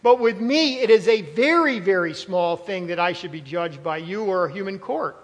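High-voiced preaching man in a reverberant hall. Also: expressive, normal speed. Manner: emphatic, conversational preaching with asides and repeated phrases. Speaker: pastor. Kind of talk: sermon.

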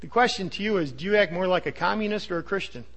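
A man preaching a sermon, earnest and emphatic, sometimes dropping to a low hush. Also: animated, fast. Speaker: pastor.

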